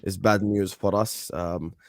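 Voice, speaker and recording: A man on a football fan panel, talking in a casual, animated debate style with lots of fillers and repeats. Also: sits low, unhurried, no echo.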